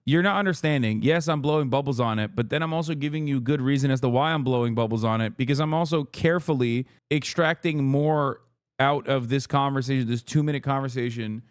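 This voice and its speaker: A man in his thirties reacting to a clip on a live stream, talking fast and swearing freely. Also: mid-range voice, clear, resonant tone, no room sound, clean studio sound. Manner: animated, profane, bursts of loud laughter. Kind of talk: casual live-stream commentary.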